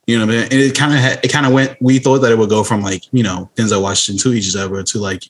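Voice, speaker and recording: A man's voice: lowish voice, steady tone, very fast. A man co-hosting a podcast, talking in a laid-back, earnest, slangy way in casual chat. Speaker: podcast co-host.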